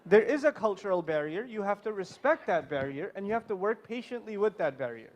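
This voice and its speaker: A man with a very high voice gives a humorous conference lecture. He is animated and jokes with the audience as he talks to them directly. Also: a little fast. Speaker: conference speaker.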